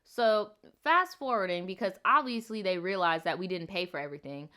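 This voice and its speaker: A woman hosts a casual livestream, reading out viewer stories and riffing on them. She talks in a sassy, profane way full of slang, and her voice has a bright, forward edge. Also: medium pitch, a little fast. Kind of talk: casual livestream storytime chat.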